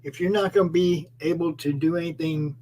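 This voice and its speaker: Brief: higher-voiced man from Minnesota, gruff and wry, casual banter. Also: steady tone, brisk, warm tone, a little hiss or hum. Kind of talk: casual chat.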